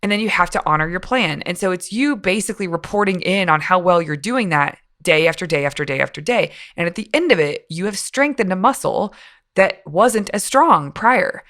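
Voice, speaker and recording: A woman hosting a casual solo podcast with a slightly rough morning voice, talking in an upbeat, encouraging coaching tone. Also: fairly low pitch, animated, moderate pace, fairly bright tone. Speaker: podcast host. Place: home, early morning.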